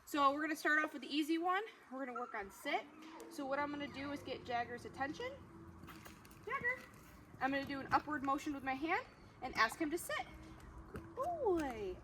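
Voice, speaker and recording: A woman dog trainer explaining a training demonstration in a friendly way, breaking into high-pitched, excited praise for the dog. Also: quick pace. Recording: noisy background ambience.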